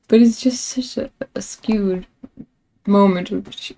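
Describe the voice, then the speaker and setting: Gravelly, dark-voiced woman streamer rambling. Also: a little high, slow, a little hiss or hum, rough recording. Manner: rambling, self-mocking, laughs often; frustrated with tech. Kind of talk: casual live-stream chat.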